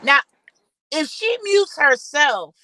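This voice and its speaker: A woman's voice: high voice, big pitch swings, slow pace, sharp tone, slight background noise, low-quality recording. A woman hosting a casual livestream, talking bluntly and swearing freely as she scolds her guests. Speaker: livestream host.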